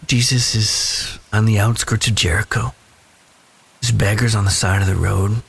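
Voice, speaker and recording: A man giving a slow, thoughtful Bible devotional, telling personal stories. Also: on the low side, fairly even intonation, creaky, breathy edge. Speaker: devotional speaker.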